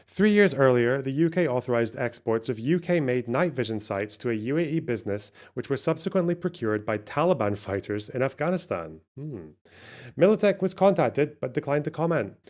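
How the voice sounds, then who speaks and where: A man's voice: medium pitch, expressive, a little fast, hardly any pauses, darkish tone. A man, a streamer, reading news articles aloud on a live stream and adding dry asides.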